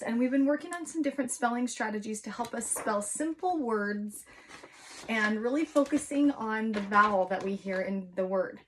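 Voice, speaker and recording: Woman teaching phonics, sounding out slowly. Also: fairly high pitch, a little hiss or hum. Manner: slow, exaggerated sounding-out of letters; encouraging, sing-song teacher voice. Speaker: kindergarten teacher. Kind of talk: online phonics lesson for young children.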